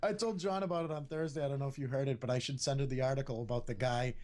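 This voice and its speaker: A man's voice: mid-range voice, fairly even intonation, racing, a little mellow. A man chatting casually as co-host, sarcastic and rambling, laughing between lines. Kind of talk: casual chat.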